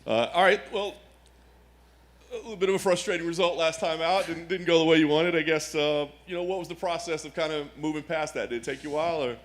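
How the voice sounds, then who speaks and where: A man's voice: fairly high pitch, fast. A male reporter putting a casual question to a fighter. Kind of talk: press questions.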